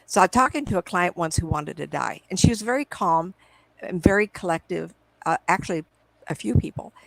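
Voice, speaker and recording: A middle-aged woman with a gravelly, creaky edge tells stories as a guest in an interview. Her voice comes dry and close through a computer microphone at home. She rambles from one point to the next and acts out old conversations in quoted lines. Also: on the low side, lively intonation, a little fast, fairly bright tone, no room sound, poor audio. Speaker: psychic medium guest. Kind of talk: casual interview storytelling. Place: at home on a video call.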